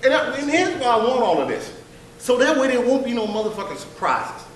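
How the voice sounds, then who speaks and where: A man's voice: very high voice, big pitch swings, a little fast, fairly bright tone, a little hiss or hum. A man performing a profane stand-up set in a comedy workshop, with brash, blunt storytelling. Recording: echoey room, distant mic.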